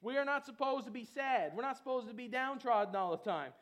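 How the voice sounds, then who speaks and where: A man preaching a lively sermon, chatty with many fillers and breaking into shouted calls to the congregation. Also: very high-pitched, a little fast. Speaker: pastor.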